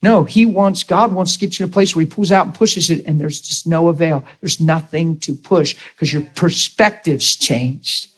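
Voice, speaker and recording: A man's voice: on the high side, moderate pace, few pauses, poor audio. A middle-aged man preaching a sermon, telling stories and calling out "Amen?" to his listeners. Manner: storytelling, emphatic call-and-response preaching.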